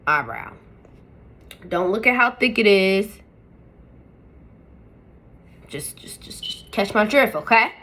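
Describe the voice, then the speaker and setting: A woman's voice: fairly low pitch, a bit bright. A woman hosting a makeup tutorial, talking to her viewers in a chatty, playful way. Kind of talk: casual step-by-step tutorial talk.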